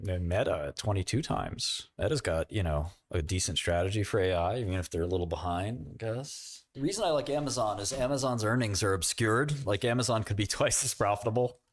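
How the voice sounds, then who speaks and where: Brief: low-voiced New York man, rambling livestream host, dry close sound. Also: dry recording. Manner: rambling, quick asides, mocking questions. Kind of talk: casual livestream chat.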